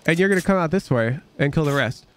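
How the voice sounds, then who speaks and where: A man's voice: a little high, animated, fast, faint music behind. A man coaching over a gameplay review, blunt and emphatic, casual and sweary, repeating phrases for sarcastic effect. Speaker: game coach.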